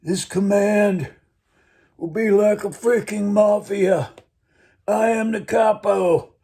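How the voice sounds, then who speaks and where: Man putting on a high, pushy mafia boss. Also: steady tone, takes it slowly, mellow. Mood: menacing boss. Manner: mock-Mafia boss impression, domineering. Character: hard commander posing as a male mafia boss.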